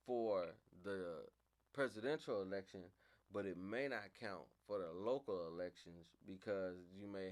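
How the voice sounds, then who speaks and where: A man with a fairly low voice tells a story in a loose, casual way. He swears freely and often, and his voice climbs high and loud when he gets fired up, then drops back down again. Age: adult, father of a young daughter. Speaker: podcast host.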